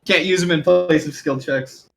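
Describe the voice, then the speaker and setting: A man's voice: fairly high pitch, normal speed, vocal fry, poor audio. A man playing a tabletop game, speaking hesitantly in character as a performer. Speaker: player. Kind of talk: in-character tabletop role-play.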